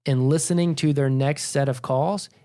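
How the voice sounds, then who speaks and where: A man's voice: mid-range voice, steady tone, normal speed, mellow. A man co-hosting a sales podcast, explaining things in an emphatic, instructive way. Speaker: podcast co-host and sales trainer. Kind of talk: podcast discussion.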